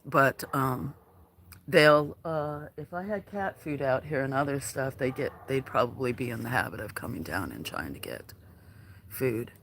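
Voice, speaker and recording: Slow, soft-spoken man on a livestream. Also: medium pitch, lively intonation, slight background noise. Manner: slow, soft-spoken, hesitant with many fillers. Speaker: livestream host. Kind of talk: casual livestream chat. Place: outdoors at a farm.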